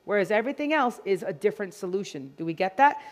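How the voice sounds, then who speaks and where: A woman giving an animated, playful live product demonstration to an audience at a store grand opening event. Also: mid-range voice, fast talker. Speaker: product educator.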